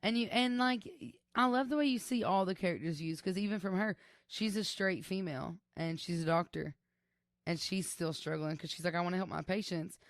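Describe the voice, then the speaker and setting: Young woman co-host, lower voice, chatty storyteller, dry close mic. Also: normal speed, no room sound. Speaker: podcast co-host. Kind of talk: casual chat.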